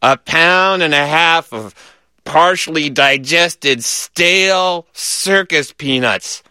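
A man reading a children's story aloud in a lively, animated way. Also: a little high, slow pace, clean tone, no echo, clean studio sound.

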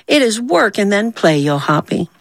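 A woman's voice: medium pitch, very animated, normal speed, gravelly, no room sound. Woman doing a scolding little ant girl. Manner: scolding, sing-song refrains.

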